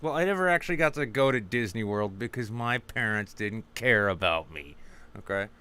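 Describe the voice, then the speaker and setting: A man co-hosting a comedy podcast, chatting crudely and jumping into high mocking voices for the people in his stories. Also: expressive, moderate pace, sharp tone, clean tone. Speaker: podcast co-host. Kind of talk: casual comedic chat.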